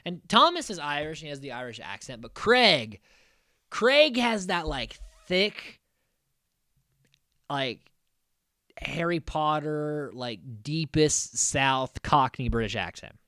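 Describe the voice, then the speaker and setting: This American podcast host has a fairly high voice and talks slowly as he casually goes over a reality show episode. He acts out what cast members said with plenty of energy, curses casually and fills gaps with verbal fillers. There's no room sound, just clean studio audio.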